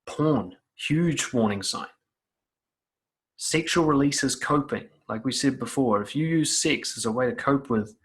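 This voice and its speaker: A man's voice: mid-range voice, a bit bright. A man giving blunt, profane self-help advice straight to the viewer in an emphatic monologue.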